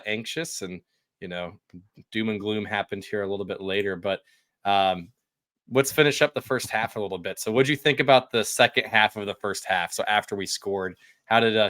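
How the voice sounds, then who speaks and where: A man's voice: lowish voice, a bit bright, no echo, studio quality. A man co-hosting a soccer podcast, recapping a match in an upbeat way and asking his co-host questions, with many fillers. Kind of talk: casual sports chat.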